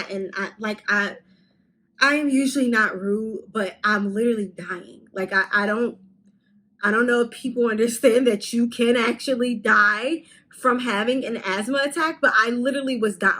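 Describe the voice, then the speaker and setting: A young woman in her twenties, telling a storytime vlog in a candid, animated way with casual swearing. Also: on the high side, normal speed, poor audio. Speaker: vlogger.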